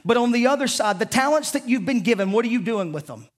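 A man from the American South with a Southern accent, preaching an impassioned sermon as pastor to a congregation, swinging from loud declarations to hushed lines. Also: very high voice, lively intonation, fast. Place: church sanctuary with a congregation.

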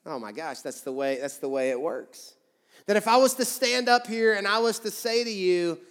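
A man's voice: high voice, normal speed, big-room sound. A man in his thirties, a pastor preaching a conversational sermon and acting out quoted voices. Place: church sanctuary.

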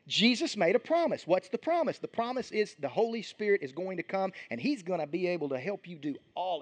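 A man preaching a sermon as pastor, in an animated, conversational way with frequent restarts. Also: high-pitched.

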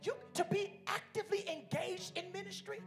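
Woman pastor, very high voice, fiery call-and-response sermon, organ music under her. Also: steady tone, normal speed. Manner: call-and-response preaching, builds to shouting. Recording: music playing behind.

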